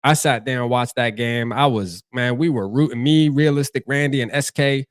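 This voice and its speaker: A man's voice: medium pitch, moderate pace, no room sound, clean studio sound. A young man with a Charleston accent, hosting a casual fan livestream in a loose, slangy way and reading chat comments aloud. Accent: Charleston, South Carolina. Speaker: livestream host.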